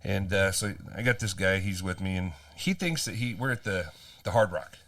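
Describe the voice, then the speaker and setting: Low-voiced man telling a sweary story. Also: normal speed, no echo, clean studio sound, recorded from a distance. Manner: profane, animated storytelling. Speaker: podcast co-host. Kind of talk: casual chat.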